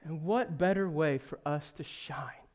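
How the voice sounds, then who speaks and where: A man in his thirties preaching a sermon as pastor, earnest and storytelling, rising to emphatic questions and then going quiet. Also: on the high side, a little slow. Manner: earnest, builds to emphatic rhetorical questions, then drops soft; storytelling with self-deprecating humor.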